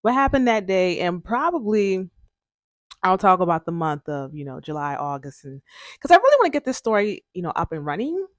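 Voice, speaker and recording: Young female podcast host, chatty storyteller, fillers and restarts, lower register, dry room. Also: sing-song, brisk, dry recording. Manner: chatty, frequent fillers and self-corrections.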